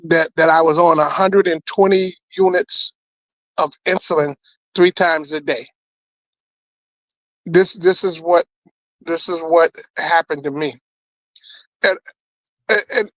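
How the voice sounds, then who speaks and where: A man, a comedian, telling his testimony as an animated story, often repeating words. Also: on the high side, no echo, low-quality recording. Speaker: guest comedian.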